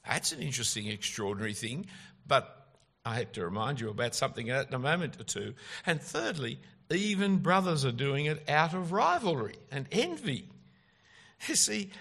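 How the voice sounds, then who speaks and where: Lively, gravelly preacher man. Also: fairly high pitch. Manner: emphatic, with rhetorical questions. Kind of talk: expository sermon.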